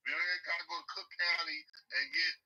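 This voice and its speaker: A man's voice: on the high side, flat delivery, a little fast, crowd noise. A man from New York calling in to a live talk show, arguing bluntly and boastfully with some cursing. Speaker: caller. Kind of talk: heated casual debate. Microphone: phone call. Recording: tinny phone line.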